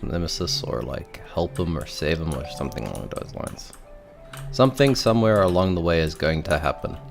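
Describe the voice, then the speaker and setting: A low-pitched, gravelly man rambles playfully while he streams a game and teases his chat. His pitch swings a lot as he talks, and faint music plays behind him. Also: fairly bright tone. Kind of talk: casual gaming commentary.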